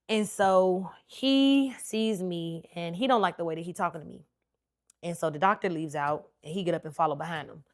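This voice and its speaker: A woman podcast host, telling a personal story in an animated, talkative way and acting out what people said. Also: fairly low pitch, normal speed. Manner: animated, talkative storyteller who acts out quotes.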